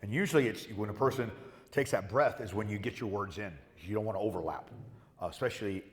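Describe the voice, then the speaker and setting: A man's voice: on the low side, fast. A middle-aged man, a guest actor on a convention panel, telling profane anecdotes and acting out the people in them. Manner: animated, profane, acts out quoted voices. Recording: echoey hall with long reverb.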